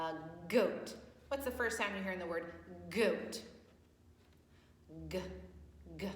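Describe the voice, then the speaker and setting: A woman's voice: on the low side, fairly bright tone, a little hiss or hum. A woman teaching young children letter sounds at circle time, asking patient questions and praising answers. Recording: echoey room with long reverb.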